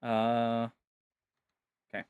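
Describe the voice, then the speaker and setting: Relaxed man streaming a game. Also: medium pitch, very slow, smooth, narrow, tinny audio. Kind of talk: casual game commentary.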